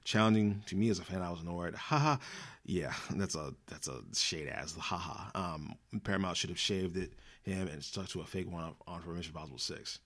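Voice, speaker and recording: A man's voice: sits low, a little fast, fairly bright tone. A man hosting a casual commentary show, ranting angrily with lots of swearing, slang and restarts. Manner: angry, profane, rambling with restarts and slang. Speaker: podcast host.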